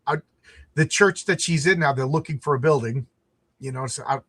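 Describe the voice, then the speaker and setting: Medium-pitched and slightly rough, a middle-aged man speaks at a moderate pace with no echo. Hosting a casual podcast, he's an animated storyteller who performs the quotes.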